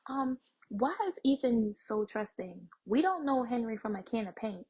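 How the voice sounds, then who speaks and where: A woman's voice: a little high, moderate pace, darkish tone, husky, rough recording. A young adult woman hosting a TV reaction video, chatting casually to her viewers and thinking aloud with plenty of fillers.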